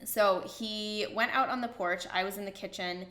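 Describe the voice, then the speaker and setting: A young woman chats to the camera in an eager, gushing voice, her words peppered with "like." Her tone is bright and forward. The sound carries a noticeable room echo. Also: mid-range voice, normal speed. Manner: gushing, excited, with frequent "like" fillers. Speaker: vlogger. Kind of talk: casual storytelling to camera.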